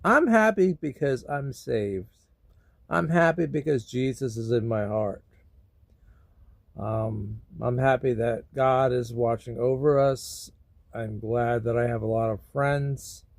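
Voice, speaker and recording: Sad sleepy guy rambling slow into his camera, kinda gravelly, gets loud outta nowhere. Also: medium pitch, no room sound. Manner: slow, rambling and mournful, with sudden loud bursts. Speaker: vlogger. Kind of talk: emotional personal vlog.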